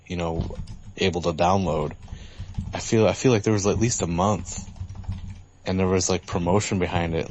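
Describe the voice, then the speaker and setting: A man's voice: low-pitched, a little mellow, a little hiss or hum. A young man co-hosting a gaming podcast who stammers, repeats himself, and talks crudely in casual chat. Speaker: podcast co-host.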